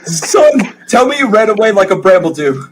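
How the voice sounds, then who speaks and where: A man's voice: high voice, sing-song, normal speed, background noise, pitched above the performer's own voice. A man voicing a doting older father who fusses over his son and gushes with pride in a raised, cracking voice. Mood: tearful. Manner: sentimental, fussing. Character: doting older father, gushing and overly proud.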